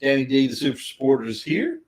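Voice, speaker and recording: A man's voice: medium pitch, big pitch swings, fast, rough recording. A middle-aged man, chatting casually on a livestream and greeting viewers by name. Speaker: livestream co-host.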